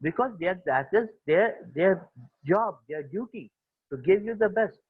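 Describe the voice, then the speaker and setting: A man's voice: sits high, lively intonation, moderate pace, husky, no echo, narrow, tinny audio. A man with an Indian accent teaching a school class, switching between English and Hindi and repeating key phrases. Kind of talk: classroom lecture.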